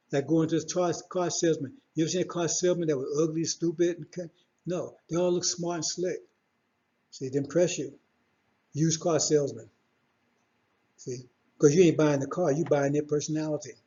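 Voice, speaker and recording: High-voiced preacher man, dull recording. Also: fairly even intonation, moderate pace, pauses often, warm tone. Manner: preachy, repetitive, confrontational, rhetorical questions. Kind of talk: sermon.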